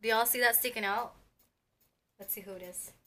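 A young woman, unboxing an album as a vlogger and gushing like an excited fan, with squeals and gasps between chatty asides. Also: fairly high pitch, moderate pace.

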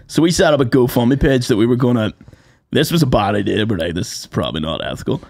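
A man's voice: mid-range voice, lively intonation, fast, creaky, darkish tone. A young man telling stories on a podcast in an easygoing, sweary way, laughing often. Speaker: podcast co-host. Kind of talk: casual chat.

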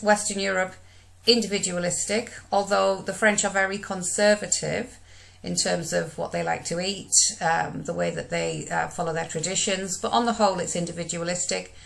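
A woman's voice: fairly low pitch, creaky, fairly bright tone. A woman, giving a recorded lesson over slides in a conversational manner with frequent fillers. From United Kingdom. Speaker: teacher.

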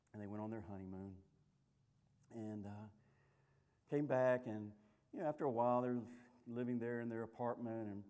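A man's voice: medium pitch, warm tone. A male pastor preaching a sermon, telling a story in a folksy, humorous way with lots of restarts.

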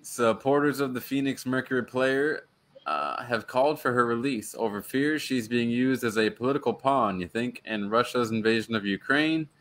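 A man's voice: mid-range voice, moderate pace, fairly bright tone. A man in his thirties co-hosting a casual sports podcast, joking dryly and reading news articles aloud. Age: 30s. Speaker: podcast co-host.

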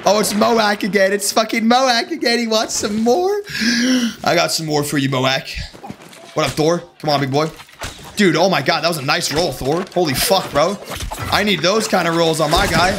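A young man with a high voice gives live commentary on his own gameplay. He rattles off quick callouts and swears constantly. He breaks into shouts at big plays, while loud game music plays behind him. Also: lively intonation. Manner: hyped, profane, rapid-fire callouts, shouting at big plays. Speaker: streamer playing a PvP game.

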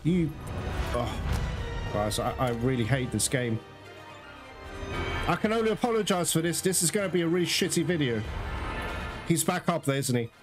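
A man's voice: on the high side, lively intonation, moderate pace, pauses often, music in the background. A man giving live commentary while playing a video game, frustrated and swearing at the game as he talks to his viewers. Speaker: gaming channel host.

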